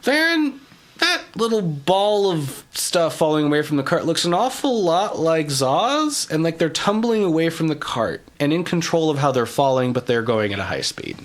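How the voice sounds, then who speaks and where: Male game master, slightly high and very animated delivery, laughs a lot, faint noise on the line. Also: normal speed. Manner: lively, laughs often while narrating. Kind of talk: narrating a tabletop game.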